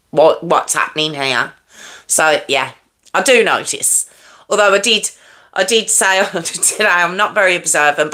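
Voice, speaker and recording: A woman chats live with her viewers from home in a bright, clear voice. She talks loosely and mocks herself, with frequent laughs. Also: mid-range voice. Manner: chatty, self-mocking, laughs often. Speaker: livestream host. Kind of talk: casual live chat with viewers. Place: at home with a fan nearby.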